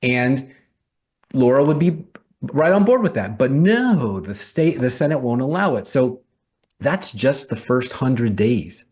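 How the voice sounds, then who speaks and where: A man's voice: mid-range voice, very animated, a little slow, darkish tone. A man from Tennessee, a news site editor, answering as a guest in an earnest, emphatic way. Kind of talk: interview answer.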